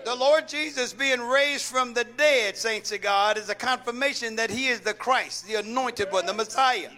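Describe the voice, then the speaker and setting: A man's voice: very high-pitched, normal speed, sharp tone. A man preaching a sermon, calling out questions for the congregation to answer and repeating key lines. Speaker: pastor. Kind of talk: call-and-response sermon.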